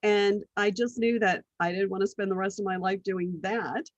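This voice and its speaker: A middle-aged woman, a business strategist appearing as a guest, tells animated stories from her life in a casual interview at a medium pitch and normal speed. She acts out other people's voices and laughs often, on dull audio with no room sound.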